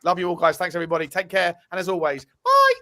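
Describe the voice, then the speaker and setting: A man hosting a casual football fan live stream, chatty and swearing as he shouts out viewers and reads their messages. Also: high-pitched, steady tone, very fast. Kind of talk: casual live-stream chat, reading out super chats.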